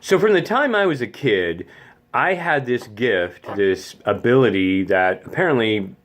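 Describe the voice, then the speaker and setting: A man's voice: medium pitch, very animated, unhurried, fairly bright tone. Chatty theatrical man talking to camera. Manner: chatty, theatrical, self-mocking. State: slightly congested, clearing throat. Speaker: vlog host, infant room caregiver. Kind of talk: casual vlog chat.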